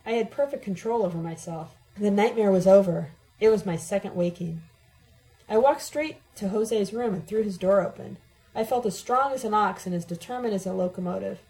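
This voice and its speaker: Woman, audiobook narrator, first-person reading, mellow voice, dramatic delivery, mid pitch. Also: fairly quick, poor audio. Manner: dramatic, emotionally charged reading.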